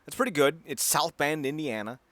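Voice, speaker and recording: A man co-hosting a casual wrestling podcast, ranting heatedly and swearing freely, with quick bursts of comic impressions. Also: a little high, fairly bright tone, no echo. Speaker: podcast co-host.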